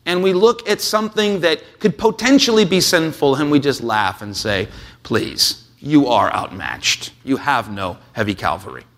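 A man preaching a sermon, reading a scripture passage and then explaining it in a relaxed, conversational way with frequent "uh"s. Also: fairly high pitch. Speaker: pastor.

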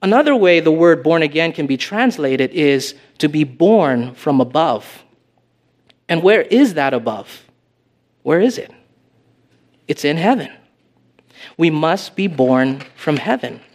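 A man's voice: fairly high pitch, sing-song, unhurried, pauses often. A man preaching a sermon as pastor, earnest and emphatic, posing rhetorical questions to the congregation.

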